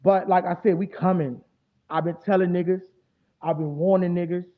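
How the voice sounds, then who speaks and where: A man's voice: high voice, moderate pace. Hyped trash-talking man on tinny audio. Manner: animated, profane trash talk. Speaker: fan show host. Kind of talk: casual sports talk stream.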